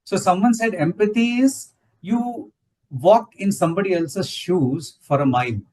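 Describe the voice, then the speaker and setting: A man's voice: sits high, measured pace, a little mellow, recorded from a distance, low-quality recording. A man explaining ideas in a spiritual talk, often checking in with "right?". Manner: explanatory, ends points with "right?". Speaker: satsang speaker.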